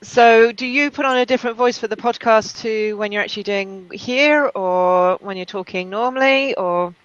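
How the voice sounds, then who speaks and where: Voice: mid-range voice, normal speed, fairly bright tone, clear, resonant tone. An interviewer with a mid-range voice who asks loosely phrased, searching questions. The recording sounds dull and dry, with no room echo.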